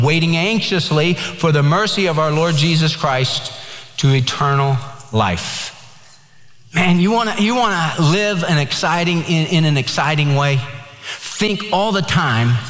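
A pastor preaches a sermon in an earnest, direct manner, quoting scripture and slipping in a joke. His man's voice is on the high side and a bit bright. It was recorded in an echoey hall with long reverb.

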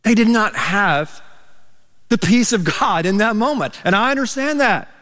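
Pastor preaching, high voice, lively storytelling, long church echo. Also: male voice, unhurried. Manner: animated storytelling, rising to emphatic peaks. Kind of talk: sermon. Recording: reverberant church hall.

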